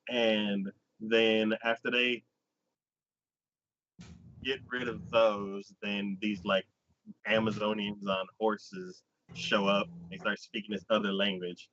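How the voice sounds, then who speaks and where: Bright-voiced man rambling through a recap. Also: fairly low pitch, little pitch movement, slight background noise. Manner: rambling, heavy use of "like", quick restarts. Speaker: anime podcast host. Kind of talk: casual chat recapping a show. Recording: dull, lo-fi sound.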